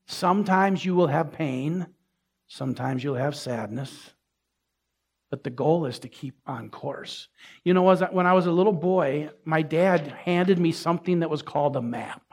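A pastor delivering a sermon in a conversational way. He asks the congregation questions and builds to emphatic peaks. His voice is husky and sits a little high for a man. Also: normal speed, darkish tone. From Minnesota. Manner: conversational preaching with rising emphasis and asides to the congregation.

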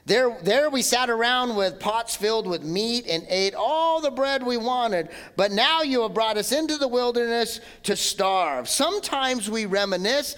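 High-voiced animated male preacher. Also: clean tone. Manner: animated, acts out complaining voices; hushed, slow prayer. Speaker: pastor. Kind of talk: sermon.

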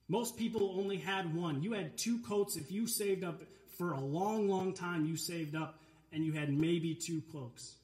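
High-voiced man preaching in an echoey church. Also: a little mellow. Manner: earnest, emphatic preaching. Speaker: pastor. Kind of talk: sermon. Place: church sanctuary.

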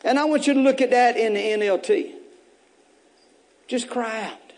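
This Easter sermon comes from a male pastor whose voice is very high and a bit mellow, moving at a moderate pace. His style is repetitive and urging, punctuated by offhand, joking comments and sudden lifts in intensity.

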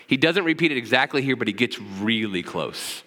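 A man's voice: mid-range voice, expressive, moderate pace, sharp tone, in a large hall. A man preaching a sermon as pastor, often checking in with "right?" as he teaches. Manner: preaching with frequent "right?" asides.

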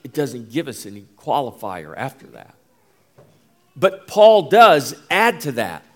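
A man preaching a sermon as pastor, slow and emphatic, rising and falling as he drives each point home. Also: medium pitch, huge pitch swings.

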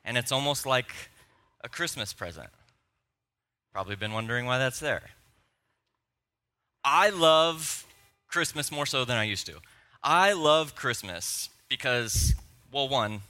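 A young man preaching a sermon, telling personal stories in a conversational, animated way. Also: medium pitch. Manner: storytelling, animated and conversational, with laughs. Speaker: pastor.

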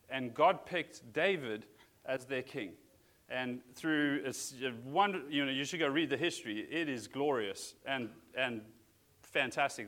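A man's voice: medium pitch, a bit bright. A man preaching a sermon as a pastor, talking in an earnest, conversational way with frequent restarts.

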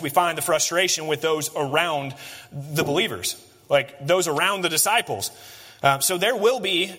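Bright-voiced man preaching in a reverberant hall. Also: a little high. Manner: earnest, repetitive emphasis with restarts. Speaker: pastor. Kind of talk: sermon.

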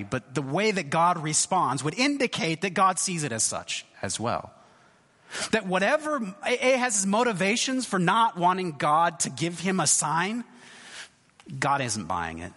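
Lively preacher man in an echoing hall. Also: on the high side, a little slow. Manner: conversational, hesitant restarts, acts out quoted voices. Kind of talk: sermon. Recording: long hall reverb.

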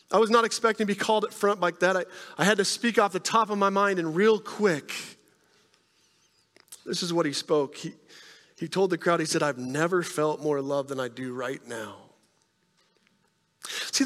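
A man preaching a sermon in a conversational way, often checking in with the congregation with quick questions. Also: sits high, fairly bright tone, long reverb tail. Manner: conversational preaching, frequent "right?" tag questions. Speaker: pastor.

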